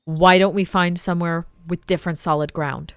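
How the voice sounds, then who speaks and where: A woman at a tabletop game with a notably low pitch and a smooth, clear voice. The sound is dry and close. She talks casually and steers the party's moves. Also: steady tone, moderate pace, no echo. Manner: chatty, directing the party, laughs often. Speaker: player.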